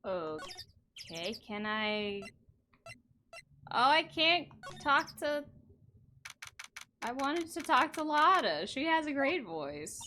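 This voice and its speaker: Young woman streamer, bright and giggly, unhurried. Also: high voice, slight background noise. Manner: giggly, chatty, animated. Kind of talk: casual live-stream chat.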